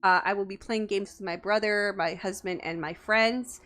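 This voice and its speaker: A woman's voice: medium pitch, fairly even intonation, normal speed, fairly bright tone. A woman from the United States, a VTuber streamer, chatting casually and playfully, teasing and giggling often. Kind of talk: casual live-stream chat.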